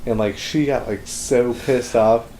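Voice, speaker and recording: A man co-hosting a podcast, telling a story haltingly with constant filler words. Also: mid-range voice, steady tone, mellow, echoey room, low-quality recording. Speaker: podcast co-host. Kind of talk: casual storytelling.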